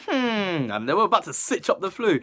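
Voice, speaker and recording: A young man with talks through a music video as he reacts to it. His pitch leaps around, and he picks apart each line in a chatty, animated way, sometimes breaking into loud laughter. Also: a little fast. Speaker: music reaction channel host. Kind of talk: casual reaction commentary.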